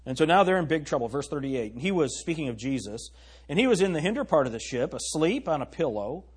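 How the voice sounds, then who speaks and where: A man's voice: on the high side, sing-song, fast talker, husky. A middle-aged man preaching a sermon as pastor, emphatic and often asking the congregation questions.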